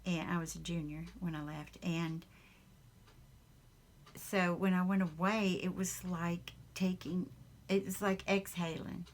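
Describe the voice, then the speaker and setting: A woman with a Southern US accent chatting casually while she crafts in her home craft room. She rambles, chuckles often and fills her pauses with ums. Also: on the low side, flat delivery, a little hiss or hum. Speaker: craft vlogger.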